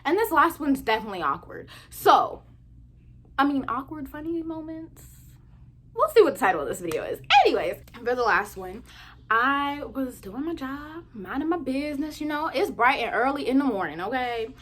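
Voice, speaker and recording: Animated high-voiced young woman storyteller. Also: moderate pace, a little hiss or hum. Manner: animated, chatty, addresses viewers as "y'all". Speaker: vlogger. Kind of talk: casual storytime.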